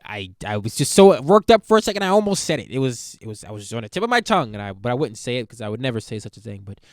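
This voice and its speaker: A man's voice: mid-range voice, sing-song, very fast, no echo, clean studio sound, pitched below the performer's own voice. A man voicing an indignant, bigoted middle-aged white father who sputters in outrage at his daughter. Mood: outraged.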